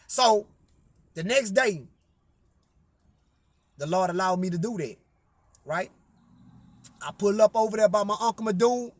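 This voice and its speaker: High-voiced man telling a story, profane. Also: a little slow, long pauses. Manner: repeats "I say" to frame quotes, emphatic.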